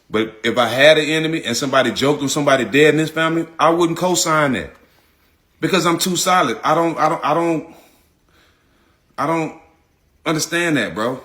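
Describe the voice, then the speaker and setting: Forceful, emphatic man talking straight. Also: on the high side. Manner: emphatic, repetitive, slangy. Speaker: public figure speaking out. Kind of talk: casual direct-to-audience talk.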